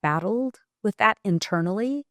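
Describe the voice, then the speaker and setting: A woman in her sixties, a podcast guest, telling a personal story in a halting, reflective way with pauses and restarts. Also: medium pitch, animated, a bit bright, no echo, clean studio sound.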